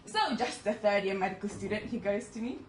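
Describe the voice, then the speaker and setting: A woman's voice: medium pitch, steady tone, quick pace. Chatty, self-mocking young woman presenting. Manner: chatty, self-deprecating, laughing often. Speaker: medical student presenter. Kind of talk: presentation to an audience. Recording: echoey room, distant mic, faint noise.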